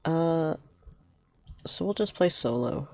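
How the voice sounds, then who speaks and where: A woman's voice: low voice, expressive, slow, darkish tone. A young woman streaming a game, chatting and telling rambling stories with frequent giggles. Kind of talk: casual gameplay storytelling.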